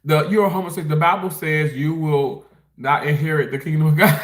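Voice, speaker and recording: A man's voice: fairly high pitch, steady tone, fairly quick, echoey room. Rambling man on a livestream. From Mississippi. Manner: rambling, laughs often, reads out chat comments. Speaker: livestream host reading chat. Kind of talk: casual livestream chat.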